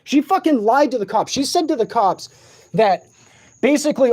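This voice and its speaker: A man's voice: very high-pitched, expressive, moderate pace, a little mellow. A sleep-deprived man in an agitated, profane rant, speaking in a room of a shared home late at night. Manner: agitated, profane, repetitive ranting.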